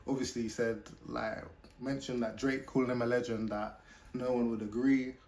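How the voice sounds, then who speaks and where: A British man hosting a reaction video, chatting casually and pausing a rap track to comment on it. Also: medium pitch, little pitch movement, darkish tone.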